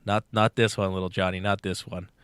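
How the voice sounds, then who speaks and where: A man's voice: low voice, flat delivery, a little fast, fairly bright tone, clean tone, no echo. A young man co-hosting a podcast, telling a long crude joke casually, swearing often and acting out the characters. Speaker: podcast co-host.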